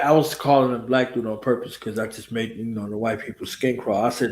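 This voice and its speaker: A man hosting a loose late-night chat, spinning animated, profane stories and acting out every voice he quotes. His voice sits at an ordinary pitch and rings around a roomy space. A faint background hum runs under it. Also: brisk, few pauses. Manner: profane, boastful. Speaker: host. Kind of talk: casual chat.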